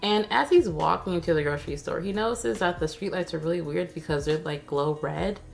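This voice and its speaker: A woman's voice: fairly low pitch, fairly quick, creaky. A woman giving a casual, sarcastic recap of a TV episode, chatty and full of slang. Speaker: TV recap vlogger.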